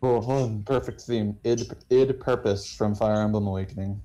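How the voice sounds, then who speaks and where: A man's voice: lowish voice, steady tone, normal speed, dark tone. A man chatting as a player at a tabletop game, rambling with lots of fillers. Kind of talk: casual tabletop session talk.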